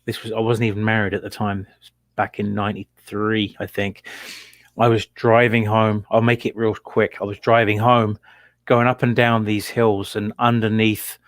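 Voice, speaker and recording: A man from England co-hosting a casual chat show, telling an animated story. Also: fairly low pitch, no echo. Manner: animated storytelling, laughs at his own tale. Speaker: podcast co-host.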